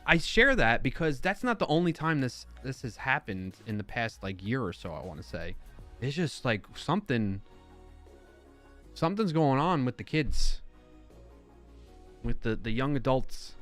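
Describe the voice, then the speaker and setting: A man hosting a live stream, telling a story in a casual, rambling way with lots of fillers and self-corrections, sounding baffled and animated. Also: mid-range voice, unhurried, faint music behind. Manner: incredulous, animated retelling.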